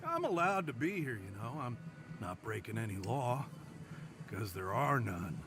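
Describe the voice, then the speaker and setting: A drawling country loafer. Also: male voice, mid-range voice, sing-song, unhurried, noisy background. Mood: teasing. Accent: Southern US country. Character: laid-back drawling man, former gunrunner. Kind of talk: video game dialogue.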